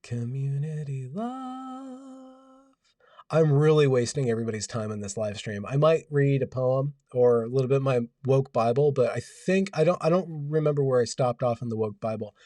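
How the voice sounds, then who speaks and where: A man's voice: medium pitch, a little fast, few pauses, mellow, no echo, distant mic. A man hosting a casual livestream, rambling wryly and reading out viewers' comments. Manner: rambling, wry, reads out chat comments. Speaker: livestream host. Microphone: home audio setup.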